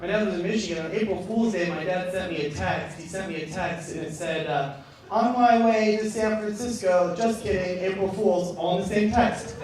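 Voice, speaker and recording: A man with a high voice works a comedy club stage, rambling and repeating lines before shouting out his punchlines. He sounds distant from the mic, and the room rings with heavy echo. A lively audience murmurs and laughs clearly behind him. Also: normal speed, a crowd in the background. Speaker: stand-up comedian. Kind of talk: stand-up routine.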